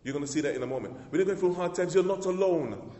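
Animated and fast-talking, this male pastor has a mellow voice pitched slightly higher than usual. His sermon is emphatic call-and-response, with phrases repeated and restarted, and it echoes through a church hall with long reverb.

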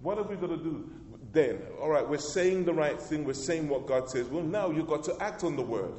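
A man's voice: fairly high pitch, lively intonation, normal speed, dark tone, a little hiss or hum. A male pastor preaching a sermon in a church, emphatic, drawing the congregation into call-and-response and often repeating or restarting phrases. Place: church hall. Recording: echoey hall with long reverb.

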